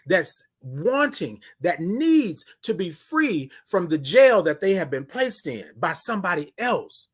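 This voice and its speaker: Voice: mid-range voice, slightly rough. A livestream morning show host giving an emphatic motivational talk, repeating key phrases and greeting viewers by name. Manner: talks straight to viewers and greets them by name.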